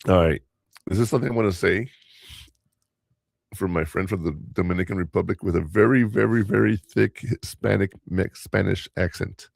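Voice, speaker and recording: A deep, creaky-voiced older man speaks at a moderate pace as he hosts a casual podcast. He's a rambling storyteller who quotes others by doing their voices. The audio is studio quality with no room sound.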